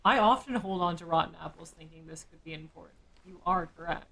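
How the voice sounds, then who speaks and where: A woman's voice: lowish voice, fast, fairly bright tone, poor audio. A woman streamer thinking aloud during live game commentary, with musing, jokey asides.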